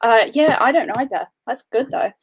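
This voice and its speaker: Woman host, relaxed and friendly, slightly high-pitched voice. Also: moderate pace, husky. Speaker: podcast host. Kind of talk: casual podcast chat.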